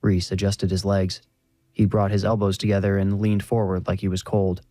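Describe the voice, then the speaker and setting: Male horror narrator, low mellow voice, dry close sound, faint music under. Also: dry recording. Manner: measured, even storytelling.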